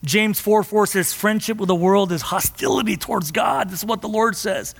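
A man preaching a sermon in a church, impassioned and at times rising to near shouts. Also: sits high, normal speed, creaky, big-room sound. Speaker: pastor.

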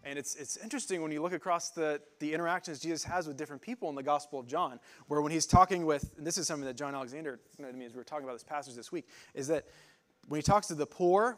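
Casual, halting male preacher. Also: a little high. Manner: informal, halting, many "like" fillers and restarts. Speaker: pastor. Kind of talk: conversational sermon with Bible word study.

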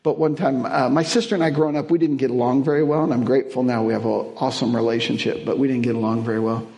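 A man's voice: mid-range voice, fairly even intonation, fast, a little mellow. A man preaching a sermon as guest speaker, mixing family stories and humor with Bible verses, building to emphatic peaks. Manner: storytelling with humor, chuckling, rising emphatic peaks.

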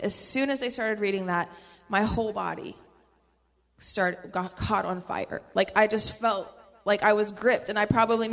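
A woman's voice: medium pitch, long reverb tail. A woman telling her personal religious testimony in a fervent, earnest way, full of "like" fillers and small laughs. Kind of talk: personal testimony in casual conversation.

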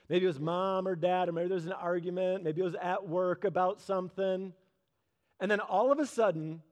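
A man preaching a sermon in a conversational way, asking the audience questions and slowing down low on key phrases.

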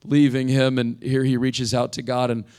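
A young man preaches in a relaxed, conversational way, addressing the congregation directly. His voice sits in an ordinary middle pitch, and he grows more intense when he reads scripture aloud. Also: moderate pace, clean tone. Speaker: pastor. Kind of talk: sermon.

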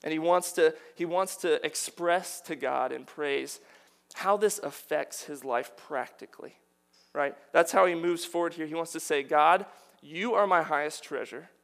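A man's voice: on the high side, moderate pace, gravelly. A man preaching a sermon, earnest and building to emphatic declarations.

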